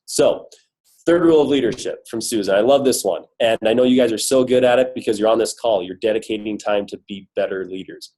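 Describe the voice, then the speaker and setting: Brisk and warm-toned, a man with a lowish voice gives a motivational talk as a corporate guest speaker on a team coaching call. He's upbeat and emphatic, leaning on rhetorical questions, though a cold has left his voice worn. The audio is low quality.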